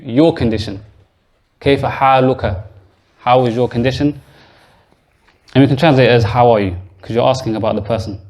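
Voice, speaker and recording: A man teaches a grammar class in a mosque classroom, his voice sitting at an ordinary middle pitch. He explains patiently step by step, repeats each word, and turns to quiz his students as he goes. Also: a little mellow. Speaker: Arabic teacher.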